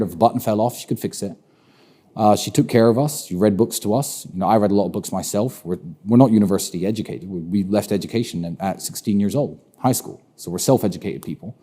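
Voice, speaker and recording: A man with a British accent speaks in a very dark, mellow voice that sits on the low side. He answers interview questions assertively and states firm opinions. He often repeats a phrase to press a point. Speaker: interview guest.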